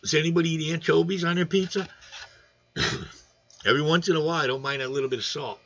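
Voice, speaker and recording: A man's voice: a little high, steady tone, fast talker, fairly bright tone. Chatty rambling man on lo-fi stream. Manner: rambling, joking, talks to chat by name. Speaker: aquarium channel host. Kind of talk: casual livestream chat. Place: home room.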